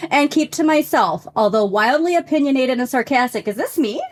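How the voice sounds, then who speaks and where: A woman's voice: high-pitched, animated, brisk. A woman co-hosting a casual podcast chat, reading a listener's story aloud with frequent laughter.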